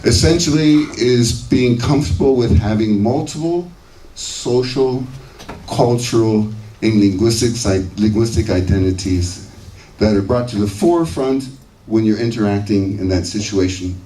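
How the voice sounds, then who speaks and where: A man's voice: lowish voice, a little slow, warm tone. A man in his sixties from the United States, giving a conversational conference lecture and checking in with his audience with "okay" and "right". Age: 60s. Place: lecture hall. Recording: echoey hall, distant mic, faint hiss.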